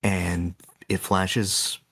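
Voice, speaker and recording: A man co-hosting a podcast, slowly and dramatically retelling a game's ending in casual chat. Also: low voice, level tone, a bit bright, breathy edge. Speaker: podcast co-host.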